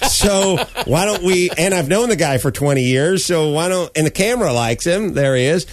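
Animated, ranting middle-aged man. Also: on the high side, brisk, no room sound, clean studio sound. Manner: animated ranting, acts out quoted people, swears. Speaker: comedian and sitcom creator. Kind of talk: casual podcast chat, storytelling.

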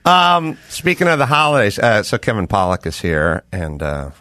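Bright-voiced man hosting a chat show. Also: lowish voice, big pitch swings, moderate pace, dry recording, clean studio sound. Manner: rambling, jokey, questioning. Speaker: podcast host. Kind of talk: casual chat.

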